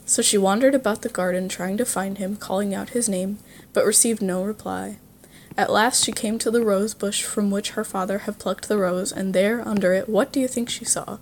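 A woman telling a fairy tale in a steady middle pitch, drawing the listener in with questions. Her reading is warm in pace and easy to follow. A faint hum lies under the recording. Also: moderate pace. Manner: engaging, asks the listener questions. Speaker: storyteller.

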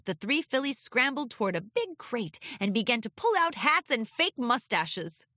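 A woman reading a children's storybook aloud with expressive, lilting narration. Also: fairly high pitch, normal speed, dry recording, clean studio sound. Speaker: audiobook reader.

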